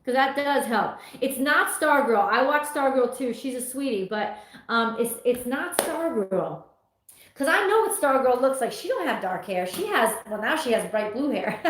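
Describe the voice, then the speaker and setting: Middle-aged lady chatting on her tarot livestream, laughs a lot, kinda high voice. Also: fairly bright tone. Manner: chatty, rambling, laughs often, reads viewer comments aloud. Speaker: tarot reader hosting a livestream. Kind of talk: casual livestream chat reading comments. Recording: echoey room.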